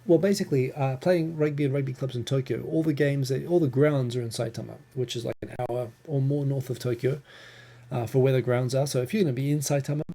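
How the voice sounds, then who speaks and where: A New Zealand man hosts a casual live Q&A from home. His voice is dark and gravelly, and his mid-range pitch stays even. He rambles happily, filling gaps with ums and correcting himself in mid-sentence. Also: brisk. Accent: New Zealand English. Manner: chatty, rambling, with frequent ums and self-corrections. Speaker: livestream host answering viewer questions.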